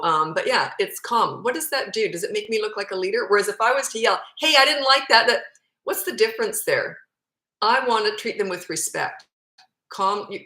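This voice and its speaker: A woman's voice: medium pitch, fairly bright tone, roomy sound, poor audio. Blunt matter-of-fact woman parenting coach. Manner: blunt, matter-of-fact, answers questions read aloud. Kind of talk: casual Q&A advice.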